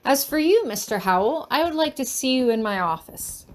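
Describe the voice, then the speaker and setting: A steady female professor, calm and in control, voiced by a woman reading a story aloud, soothing a frightened student. Her voice sits fairly high and speaks in firm, unhurried sentences. She takes charge gently but firmly.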